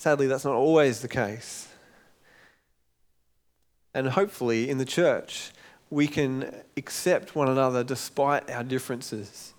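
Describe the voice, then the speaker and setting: A man's voice: medium pitch, fairly even intonation, unhurried, long pauses. A middle-aged man, preaching a sermon in a conversational way and acting out the quotes. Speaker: pastor.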